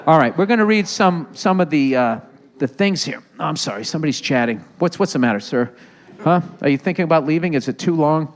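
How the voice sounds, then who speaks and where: A man's voice: a little high, animated, a little fast. A man hosting a live podcast taping on stage, riffing sarcastically and profanely with the audience. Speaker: comedian host of a podcast. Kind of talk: live stand-up podcast taping with crowd work.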